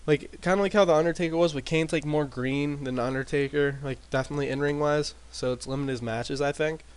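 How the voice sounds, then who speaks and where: A man casually recapping his wrestling sim game in a rambling way, with lots of fillers and restarts, talking into a desk mic turned up loud. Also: fairly high pitch, steady tone, fast talker, smooth. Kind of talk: casual commentary over gameplay. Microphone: desk mic with boosted gain.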